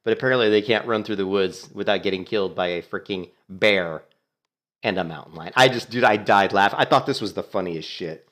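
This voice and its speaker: A man's voice: on the low side, a little fast, a bit bright. A man giving casual commentary on his gameplay, amused and retelling chat messages. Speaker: game streamer.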